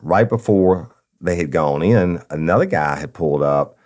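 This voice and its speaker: A former police officer hosting a podcast, telling a crime story in a blunt, profane, emphatic way. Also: male voice, low voice, lively intonation, normal speed, a little mellow. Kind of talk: casual true-crime storytelling.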